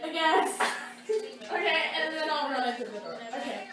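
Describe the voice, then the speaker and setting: A woman's voice: sits high, animated, a little fast, very echoey, far from the mic. A young woman chatting casually and giggling constantly while she and a friend film a cosplay skit. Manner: giggly, keeps breaking into laughter. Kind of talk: casual chat between takes.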